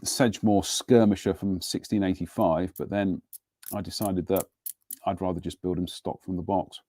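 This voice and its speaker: Chatting from his home workbench, a middle-aged man rambles self-deprecatingly while running a live model-building show. He speaks low and mellow, at a normal speed with fairly even intonation.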